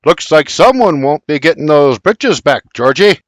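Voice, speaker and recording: A man's voice: on the high side, animated, moderate pace, dry recording, studio quality, natural voice. A man voicing a proud, teasing father in a bluff brogue, in an audiobook. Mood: jovial.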